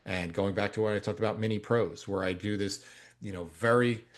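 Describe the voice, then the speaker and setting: A man co-hosting a coaching podcast, telling stories in a casual, animated way and rising loud when he quotes himself. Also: fairly low pitch, brisk. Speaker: strength coach and podcast co-host.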